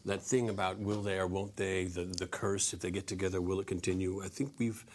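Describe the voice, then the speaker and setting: A man's voice: low-pitched, little pitch movement, a little fast, a little hiss or hum. A man in his forties, an actor guest answering interview questions, self-deprecating and hesitant with many restarts.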